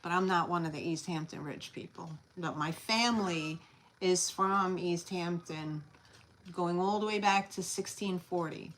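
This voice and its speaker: Slow-talking Long Island woman. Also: lowish voice, a bit bright, a little hiss or hum. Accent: New York, Long Island. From Long Island, New York. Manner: chatty, reads out viewer comments, rambling asides. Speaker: host selling collectibles on a live stream. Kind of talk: live sales stream chat.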